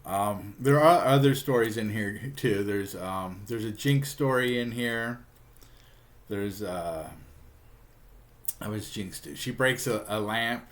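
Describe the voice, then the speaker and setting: A man's voice: on the low side, slow pace. A man reviewing a book, casually retelling a comic story in a rambling way, with fillers and chuckles.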